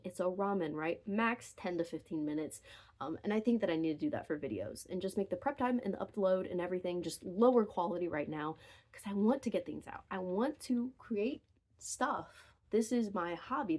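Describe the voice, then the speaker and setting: A woman's voice: mid-range voice, lively intonation, fairly quick, warm tone. A young woman in her bedroom ranting casually to her phone camera, rambling and breaking off into wry asides. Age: young adult. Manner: rambling, self-interrupting, wry. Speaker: vlogger. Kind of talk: unscripted casual rant to camera. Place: bedroom at home.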